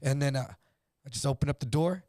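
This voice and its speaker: A man telling a story in casual chat, animated, acting out voices and swearing freely. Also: medium pitch, fairly quick, no echo, clean studio sound. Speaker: guest.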